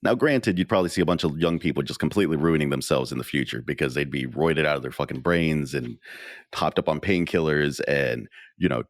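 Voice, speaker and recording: A man with a very deep voice talks through a casual podcast chat, loose and profane and quick to laugh. The sound is close and dry, with no room around it. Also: dry recording. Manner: laid-back, profane, laughs often. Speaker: podcast co-host.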